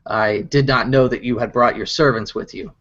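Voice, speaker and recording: A humble village elder, formal and deferential in every word, as a game master puts him on. His voice is mid-pitched and carried over a muffled, lo-fi online call. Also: moderate pace, fairly bright tone, natural voice.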